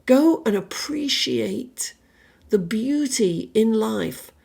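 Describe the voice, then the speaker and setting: A woman's voice: a little high, expressive, drawn-out words, gravelly, a little mellow, slightly rough. A woman giving a casual tarot reading, rambling and chatty with lots of "you know" and "right?", a little under the weather with a cough, and with an accent that is not American. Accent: non-American. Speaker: tarot reader.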